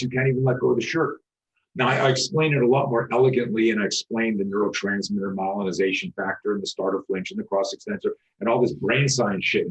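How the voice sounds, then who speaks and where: A man in his sixties, a podcast guest who teaches self-defense, telling stories in an animated, profane way and acting out the voices of the people in them. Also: medium pitch. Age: 60s. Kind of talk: storytelling interview talk. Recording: dull lo-fi recording.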